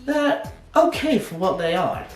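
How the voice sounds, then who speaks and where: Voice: medium pitch, big pitch swings, measured pace, faint music behind. A video reviewer giving casual, opinionated, sarcastic commentary.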